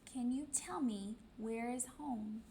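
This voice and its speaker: A woman voicing a little lost female penguin chick who asks politely in a small, high, pleading voice. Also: takes it slowly, mellow, a little hiss or hum. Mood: plaintive.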